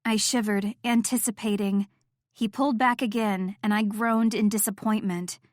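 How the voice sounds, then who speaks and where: A woman reading first-person audiobook narration with steady, intimate storytelling. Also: medium pitch, normal speed, dry recording, clean studio sound.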